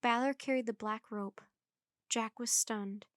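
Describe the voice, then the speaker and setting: A woman reading a children's chapter book aloud in a clear, measured storytelling manner. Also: fairly high pitch, steady tone, no echo, clean studio sound.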